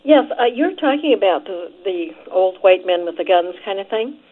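A woman calls in to a talk radio show and tells her point haltingly, pausing and restarting often. Her voice comes through a thin, tinny phone line. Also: mid-range voice, lively intonation. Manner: hesitant, halting, many fillers. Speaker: caller.

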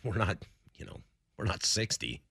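A man in his thirties hosting a casual sports talk show, telling animated stories and slipping into quick impressions. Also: low voice, gravelly, breathy edge. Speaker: sports radio host.

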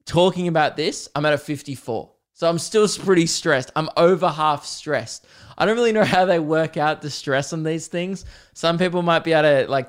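A young man hosting a solo podcast, ranting with lots of swearing and bursts of laughter. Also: on the high side. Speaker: podcast host.

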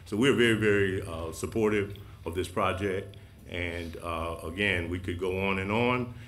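A fire chief addresses a city council in a deep voice. He speaks earnestly, pausing on "uh"s as he presses for support. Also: fairly bright tone, a little hiss or hum. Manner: earnest, with fillers. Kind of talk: testimony to a council.

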